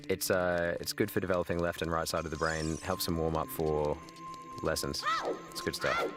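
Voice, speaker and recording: An Australian man in his thirties chatting casually while streaming a game, swearing and answering his chat. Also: deep voice. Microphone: webcam. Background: video game music.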